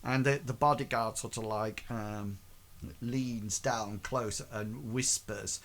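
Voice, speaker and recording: Male game master, mid-pitched, halting and rambling narration. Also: steady tone, a bit bright, a little hiss or hum. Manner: hesitant, rambling, many fillers.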